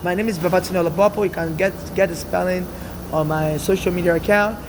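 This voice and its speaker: A Nigerian man in his forties vlogs from city streets and transit, delivering an urgent, rambling monologue about himself and often repeating himself. His voice sits high with fairly even intonation and a quick pace, and background noise can be heard.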